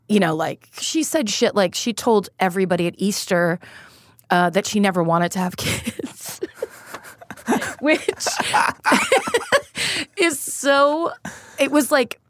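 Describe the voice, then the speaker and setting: A woman's voice: mid-range voice, lively intonation, slow pace, dry recording, clean studio sound. A woman comedian telling frank, profane stories in a candid interview, laughing through grim moments. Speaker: comedian guest. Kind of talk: candid conversational storytelling.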